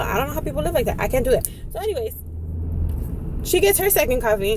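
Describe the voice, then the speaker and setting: A woman telling a story in an animated vlog style, switching into phrases and acting out the people in it. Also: high voice, fast, long pauses. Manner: dramatic, mixes in Spanish phrases, acts out others. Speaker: vlogger. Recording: faint background noise.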